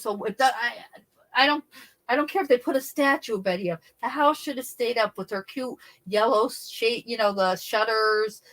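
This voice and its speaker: A woman's voice: fairly high pitch, normal speed, a bit bright. Middle-aged woman, livestream host, casual chatty storyteller who laughs a lot. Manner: chatty, laughs often, acts out quoted voices. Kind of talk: casual chat.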